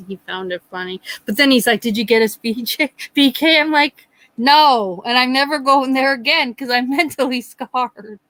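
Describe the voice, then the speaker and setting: A middle-aged woman hosting a live chat, telling a funny story in a lively, laughing way. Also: mid-range voice, dry recording, poor audio. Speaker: livestream host.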